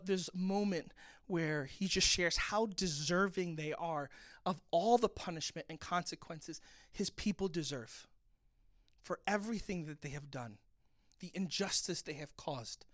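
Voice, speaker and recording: A man's voice: sits high, a bit bright, no echo. Man, pastor, reflective scripture teaching, earnest, dry recording. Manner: earnest, reflective, reading aloud then commenting. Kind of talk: reading and explaining scripture.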